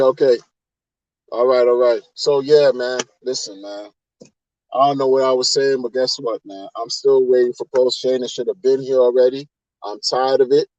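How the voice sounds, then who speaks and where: A man's voice: medium pitch, darkish tone, no echo, rough recording. A man hosting a casual livestream, talking in a rambling, repetitive way and sounding exasperated as he rants to viewers. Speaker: crypto livestream host.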